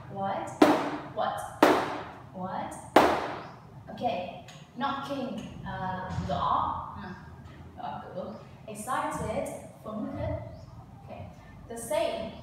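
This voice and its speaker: A woman English teacher, drilling a class in slow, clear repeat-after-me prompts. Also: on the high side. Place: school classroom. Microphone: far camera. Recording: echoey, distant, noisy classroom. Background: students and classroom noise.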